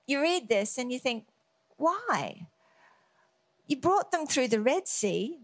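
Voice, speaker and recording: Slow, high-voiced woman preaching. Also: dry recording. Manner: earnest, emphatic, repeats key words. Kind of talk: devotional Bible teaching.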